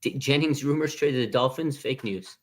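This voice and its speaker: A man in his thirties hosting a live fan stream, chatting casually in animated, slangy, rambling banter. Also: mid-range voice, moderate pace. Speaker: fan show livestream host.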